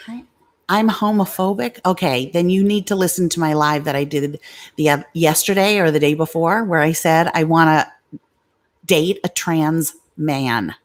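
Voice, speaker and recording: A middle-aged woman with a low-pitched voice hosts a casual livestream at normal speed. She's blunt and confrontational with commenters and swears freely.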